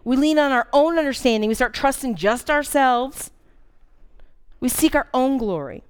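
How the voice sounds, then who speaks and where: Woman preacher in her forties, high smooth voice, candid and emphatic sermon delivery. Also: lively intonation, normal speed. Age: 40s. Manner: earnest, candid storytelling with dramatic emphasis.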